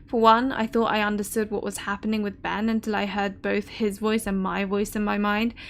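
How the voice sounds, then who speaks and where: A woman's voice: mid-range voice, level tone, fairly quick, close to an everyday voice. A woman voicing a wry, anxious young noblewoman, reading game dialogue aloud in a formal storybook manner. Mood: earnest.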